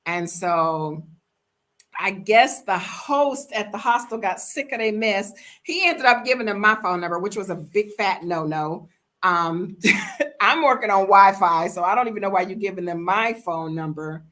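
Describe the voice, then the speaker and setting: A woman's voice: mid-range voice, animated, measured pace, a bit bright. An older woman from the United States, bluntly and animatedly telling a travel story to her vlog audience. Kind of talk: casual storytime monologue.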